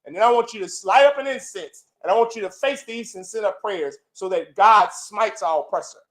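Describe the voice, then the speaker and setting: A man preaches a fiery sermon with a notably high-pitched voice. He talks forcefully, repeating phrases like a chant. He swings from loud bursts down to low, intense lines. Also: a little fast, poor audio. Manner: repetitive, chanting lists. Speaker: preacher leading a congregation. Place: indoor gathering.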